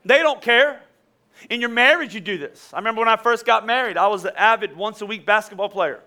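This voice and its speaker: A man's voice: sits high, fast, pushed and bright. A man in his forties preaching a sermon in a conversational way that builds to emphatic peaks. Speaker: pastor.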